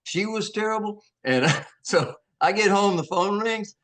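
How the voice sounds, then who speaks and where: A man's voice: high voice, unhurried, a bit bright. Folksy Southern man telling stories. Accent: Southern American. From Georgia, USA. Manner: folksy, laughing, acts out quotes. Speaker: interview guest. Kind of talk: casual storytelling.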